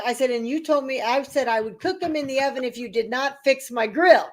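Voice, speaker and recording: A woman hosting a live talk stream, telling stories in casual chat and acting out the other people's lines in a lively, profane way. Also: high-pitched, fairly quick, a little hiss or hum. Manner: profane, animated, acts out voices in her stories.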